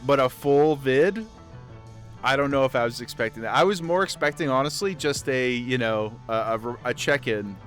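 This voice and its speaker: A man streaming casually, chatting loosely and getting excited, swearing freely and repeating himself. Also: medium pitch, moderate pace, soft background music. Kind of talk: casual livestream chat.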